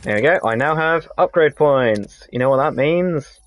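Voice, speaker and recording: A man's voice: fairly high pitch, animated, moderate pace. A man co-hosting a gaming stream, chatting casually and explaining the game's mechanics as he plays. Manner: rambling, explains game mechanics. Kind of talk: casual chat while playing a game.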